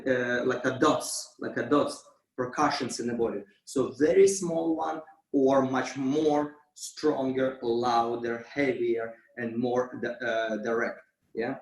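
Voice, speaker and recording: Slow-talking dance teacher in an echoey studio. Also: male voice, mid-range voice, steady tone. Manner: counts beats with vocal sounds. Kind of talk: dance class instruction. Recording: roomy, from far off.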